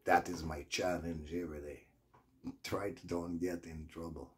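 A man's voice: sits low, flat delivery, normal speed. A man from Quebec with a Quebec French accent, a native French speaker, ranting casually to camera in loose grammar, swearing freely and rambling. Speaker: vlogger.

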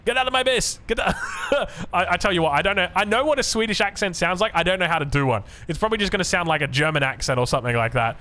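A man's voice: fairly high pitch, very fast, hardly any pauses, sharp tone. A man with an Australian accent giving chatty, rambling commentary on a strategy game match. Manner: chatty, rambling asides, frequent restarts. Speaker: game caster.

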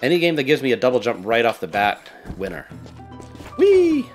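A man's voice: mid-range voice, animated, fast, faint music behind. A man chats through a let's-play video, playful and sarcastic as he reacts. His voice sits in a middle register but moves around a great deal. The talk is loose and casual. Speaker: game streamer.

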